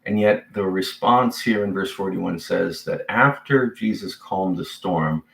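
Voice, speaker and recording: A man's voice: low voice, measured pace, creaky, a bit bright. Chatty preaching man in an echoey church. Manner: conversational, with many fillers and restarts. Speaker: pastor. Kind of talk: sermon. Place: church sanctuary.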